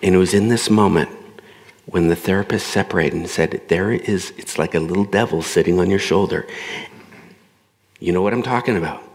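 A man's voice: sits low, fairly quick, big-room sound. A man preaching a sermon in a conversational way, acting out the voices he quotes. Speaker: pastor.

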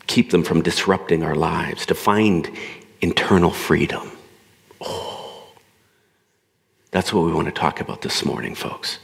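A man with a very low voice preaches a sermon to his congregation. He talks in an easy, conversational way and acts out the voices he quotes. His voice rings with the long reverb of a large hall. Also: unhurried, vocal fry, long pauses. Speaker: pastor.

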